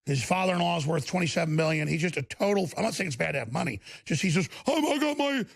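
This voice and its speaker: Texan male host, sarcastic rant, raspy and gravelly. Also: on the high side, rapid-fire. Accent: Texas. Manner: sarcastic, scornful. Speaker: political commentary host. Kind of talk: ranting commentary.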